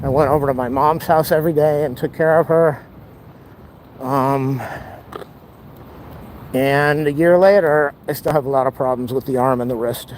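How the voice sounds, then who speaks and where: A man's voice: mid-range voice, steady tone, moderate pace, pauses often, darkish tone, low-quality recording. A man chatting casually in a walking vlog, out of breath and overheated, rambling and exclaiming often as he records outdoors near an airport. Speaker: vlogger. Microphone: camera held while walking. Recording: outdoor street noise.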